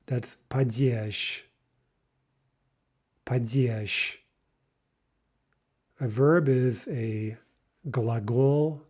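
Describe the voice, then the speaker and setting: A man teaching a vocabulary lesson, saying each word slowly and repeating it, with patient explanations. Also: mid-range voice, dark tone. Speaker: language teacher.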